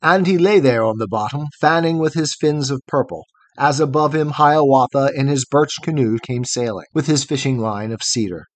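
A man narrating a long poem in a measured, rhythmic recitation. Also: medium pitch, dry recording. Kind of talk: scripted poetry reading.

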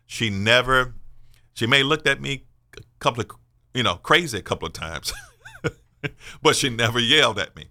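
A man's voice: medium pitch, animated, moderate pace, long pauses, pushed and bright. A man in his sixties hosting a faith-based radio talk show, speaking earnestly and emphatically in a sermon-like way. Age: 60s. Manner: earnest, emphatic, personal testimony.

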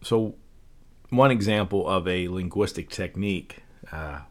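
A man's voice: deep voice, measured pace. A man hosting a casual solo podcast, speaking loosely with frequent fillers and rhetorical questions. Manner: loose and conversational, many fillers, rhetorical "right?". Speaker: podcast host. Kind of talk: casual solo talk on persuasion and parenting.

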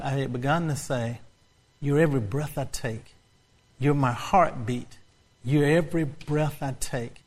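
A male pastor preaching a sermon, repeating phrases and building to fervent, rising exclamations. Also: medium pitch.

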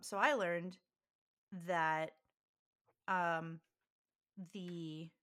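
A woman's voice: on the low side, a bit bright. A woman co-hosting a podcast, chatting and explaining things with frequent laughs. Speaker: podcast co-host. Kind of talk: casual chat.

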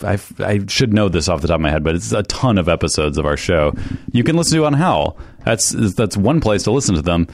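A man co-hosts a comedy podcast with a very low voice that swings expressively up and down. He throws in puns and teases his partner. The sound is close and dry. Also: lively intonation, no echo. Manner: quick-witted, wordplay, playful ribbing. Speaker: podcast co-host. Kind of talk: casual comedic podcast banter.

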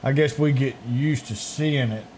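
A man co-hosting a casual morning show, laid-back, often giving short agreeing replies and speaking quietly when earnest. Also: medium pitch, measured pace, a little hiss or hum.

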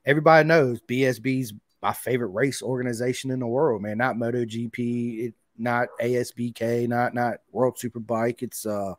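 A man hosting a podcast, chatting casually and excitably, dropping "dude" and "man" throughout. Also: mid-range voice, moderate pace, few pauses, dry recording. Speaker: podcast host. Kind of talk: casual interview chat.

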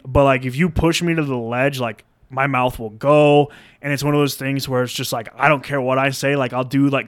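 A man's voice: mid-range voice, a bit bright, smooth. A man in a middle register rambles through anecdotes on a casual podcast, swearing freely and slipping into acted-out quotes. The sound is dry and close to the mic with no room echo. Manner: profane, rambling, acts out voices in anecdotes. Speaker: podcast co-host.

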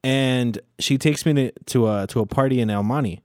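A man's voice: medium pitch, normal speed, darkish tone, no room sound. Laid-back young man, dry close sound. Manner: laid-back, profane storytelling. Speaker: podcast co-host. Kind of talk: casual chat.

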